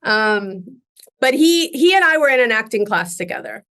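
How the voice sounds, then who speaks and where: Animated woman telling stories, laughing. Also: a little high, moderate pace. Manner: animated, laughs often, restarts sentences. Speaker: podcast guest, actress. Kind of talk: casual interview storytelling.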